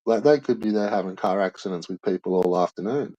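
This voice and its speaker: A man's voice: on the low side, quick pace, mellow, dry recording, lo-fi sound. Sweary Australian man telling stories. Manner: rambling, sweary storytelling full of "like". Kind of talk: casual chat.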